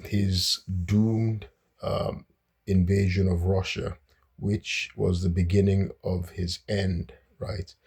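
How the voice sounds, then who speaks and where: A man's voice: sits low, a little mellow, husky. A man hosting a casual, unscripted history talk, with many fillers and restarts.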